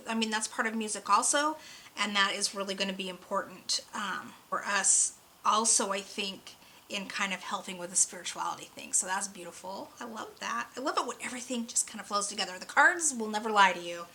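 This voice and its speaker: Bright-voiced earnest woman reading oracle cards. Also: medium pitch, vocal fry, slight background noise, poor audio. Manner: earnest, emotional, rambling with restarts. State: voice cracking with emotion. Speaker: oracle card reader. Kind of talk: spiritual card reading monologue.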